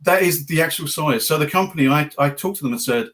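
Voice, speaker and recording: A man's voice: fairly high pitch, fast talker, a bit bright. A man with an English accent, a guest on a talk show, telling his story casually with a joking, self-deprecating manner. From England.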